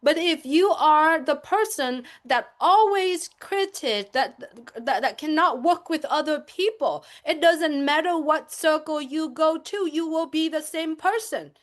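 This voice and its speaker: A woman's voice: high-pitched, unhurried, hardly any pauses. A woman speaking as a panelist on a webinar, giving an impassioned, emphatic talk that circles back to its points. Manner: emphatic, repetitive, lecturing.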